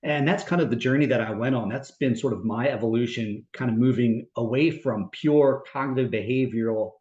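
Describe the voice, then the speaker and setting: A man's voice: medium pitch, fairly quick, a little mellow, reverberant, dull audio. A man who is a mental performance coach, speaking reflectively on a podcast and telling a story with many fillers and restarts. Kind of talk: podcast discussion, long explanation.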